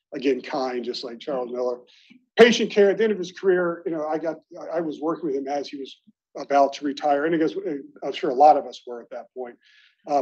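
A slightly high, dark, somewhat rough voice belongs to a middle-aged Baltimore native speaking at an alumni meeting. He chats with colleagues through self-mocking stories, and the recording is lo-fi and dull.

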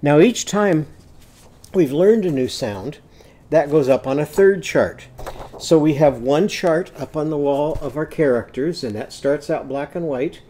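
A man's voice: fairly high pitch, a little slow, mellow. A man teaching a phonics lesson, chanting letter sounds in a sing-song way and explaining the activities.

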